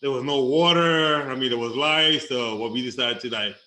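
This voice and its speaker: A man in a casual chat, emotional and quick to laugh. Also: medium pitch, sharp tone. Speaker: host. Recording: echoey room with faint ambience.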